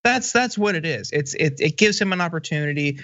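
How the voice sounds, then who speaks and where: A man in his thirties, a guest on a political commentary show, talking bluntly and dismissively, with halting restarts. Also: fairly high pitch, lively intonation, pushed and bright, dry recording, lo-fi sound.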